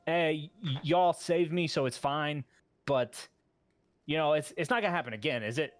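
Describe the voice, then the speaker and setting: A man's voice: a little high, normal speed, no room sound, faint music behind, close to an everyday voice. A man voicing a nervous male tavern chef who stammers and keeps restarting his sentences. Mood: flustered.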